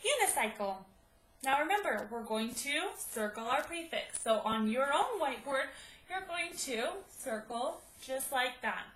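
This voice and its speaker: A woman teaching a spelling lesson to children, speaking slowly and clearly and sounding out each syllable at a whiteboard. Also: high voice, expressive, a bit bright. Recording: echoey room, faint noise.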